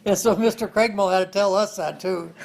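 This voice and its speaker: A man's voice: high voice, steady tone, brisk, creaky. An older man in an interview, telling rambling family stories and chuckling along the way. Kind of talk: oral history storytelling.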